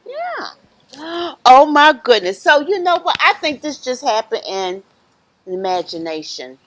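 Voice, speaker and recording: A woman librarian reading picture books aloud to children outdoors in a park, animated and singsong, gasping and prompting the kids to join in. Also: high-pitched, a little slow, rough recording. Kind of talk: storytime read-aloud for kids.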